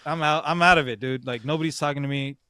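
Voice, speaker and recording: A man's voice: fairly high pitch, fast, pushed and bright, clear, resonant tone, no echo, clean studio sound. A young man casually telling a competition story on a podcast, slangy and swearing, calling his listener "bro" over and over. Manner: slangy, swears a lot, says "bro" often. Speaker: podcast host.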